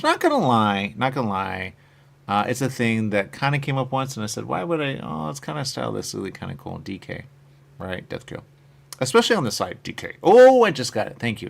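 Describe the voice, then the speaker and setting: A gravelly, mid-range male voice swings widely in pitch and moves briskly. He's live streaming in a rambling, casual way about his comic covers, answering viewers and letting phrases drift off quietly.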